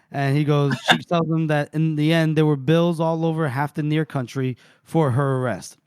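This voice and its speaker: Male podcast co-host, fairly high, dry mic; chatty recap that slips into brief put-on voices, laughs a lot. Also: a little mellow, smooth, no room sound. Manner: retells scenes with quick put-on voices, laughs often. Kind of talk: casual book-club recap.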